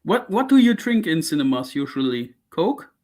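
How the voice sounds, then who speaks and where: Co-host, a man from Germany with a slightly high voice who talks in halting bursts. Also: very animated, a little mellow. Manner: hesitant, repeats words. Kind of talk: casual chat.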